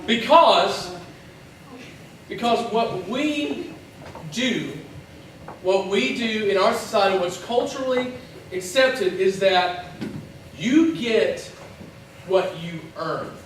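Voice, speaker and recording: A young man preaching a sermon as pastor, telling the story lively and acting out its voices with quick asides. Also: sits high, a little hiss or hum. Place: church. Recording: echoey church hall from far off.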